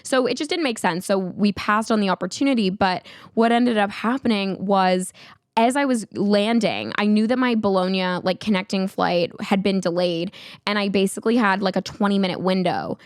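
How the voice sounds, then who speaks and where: A young woman hosting a podcast, telling a travel mishap in a casual, animated way with many filler words. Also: mid-range voice, normal speed, no room sound, clean studio sound. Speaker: podcast host. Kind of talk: casual storytelling.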